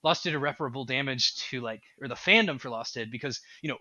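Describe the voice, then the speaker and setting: A man who is a game developer, talking as a podcast guest in an animated, rambling way. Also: mid-range voice, fast, dry recording, lo-fi sound. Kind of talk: casual podcast chat.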